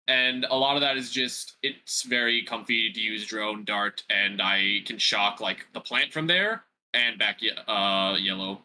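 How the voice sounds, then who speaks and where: A young man being coached, explaining his game habits in halting, casual phrases. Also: lowish voice, bright, forceful tone, low-quality recording. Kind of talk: casual gameplay discussion.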